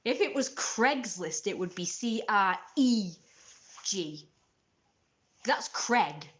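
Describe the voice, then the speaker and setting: A woman's voice: medium pitch, animated, slow pace, a bit bright. A British woman talking straight to her viewers in a passionate, blunt, exasperated way. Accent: British English. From Britain. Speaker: YouTuber. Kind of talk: casual rant to camera.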